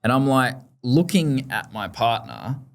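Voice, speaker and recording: A man hosting a casual podcast interview, telling a relaxed, laughing story about parenting. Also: mid-range voice, measured pace, creaky. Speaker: podcast host.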